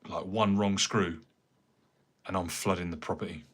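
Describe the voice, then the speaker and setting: An English man with a somewhat low voice chats casually on a live stream. He rambles from one thing to the next and answers viewers by name as he works as a carpenter. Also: fairly even intonation, normal speed, slightly rough. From England. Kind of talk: casual livestream chat.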